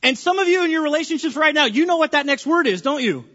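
A high-pitched male pastor preaches in a church sanctuary, dropping to soft, earnest tones and then rising into loud, joking bursts. The recording sounds dull and lo-fi. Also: animated, fast. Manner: dynamic preacher, swings from hushed to loud and playful. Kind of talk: sermon.

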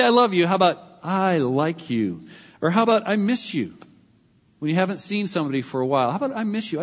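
A man preaching a sermon as pastor, emphatic and repeating his key phrases slowly. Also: high voice, in a large hall, lo-fi sound.

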